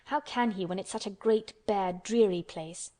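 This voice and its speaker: A sickly, brooding young boy from a storybook, read by a woman, talking in a restless, resentful way. He sounds cross and quick to complain. The voice sits at an ordinary middle pitch. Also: dark tone, close to an everyday voice.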